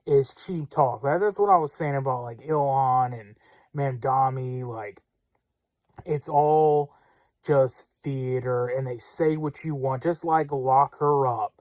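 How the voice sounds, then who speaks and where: A man's voice: mid-range voice, takes it slowly, a little mellow, dry recording. Blunt, rambling political talk-show man. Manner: rambling, many fillers and restarts, blunt. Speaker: political commentary host. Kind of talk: casual opinion monologue.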